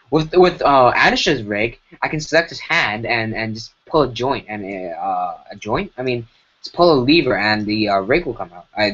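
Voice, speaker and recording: This livestreamer has a medium-pitched voice that's a bit bright and slightly rough. He animates while talking casually, rambling, correcting himself and filling gaps with fillers, through a broken computer mic with dull lo-fi audio.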